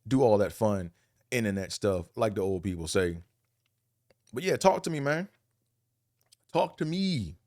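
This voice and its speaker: Man host from Buffalo, Buffalo accent, low-pitched, rambling profane monologue, dry close sound. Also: lively intonation, measured pace, long pauses, a little mellow, dry recording. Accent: Buffalo, New York. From Buffalo, New York. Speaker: vlog host. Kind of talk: casual monologue.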